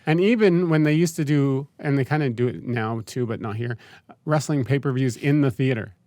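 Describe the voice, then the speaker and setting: A man co-hosting a podcast in casual chat, making dry quick jokes. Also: medium pitch, warm tone, no echo. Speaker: podcast co-host.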